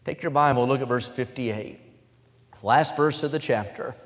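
A man's voice: medium pitch, normal speed. Preacher man in a reverberant hall. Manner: builds to loud, emphatic scripture reading. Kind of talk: sermon.

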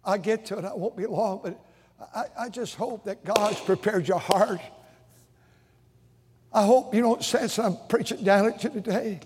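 High-voiced older preacher in a church hall. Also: male voice, a little slow, slight background noise. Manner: earnest, preacherly, swings from quiet storytelling to loud exhortation. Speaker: pastor. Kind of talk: sermon. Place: church sanctuary. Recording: long reverb of a large church hall.

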